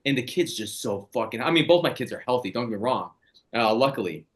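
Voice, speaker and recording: A man's voice: medium pitch, lively intonation, quick pace. Blunt, profane man in his forties. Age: 40s. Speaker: podcast co-host. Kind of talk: casual podcast chat.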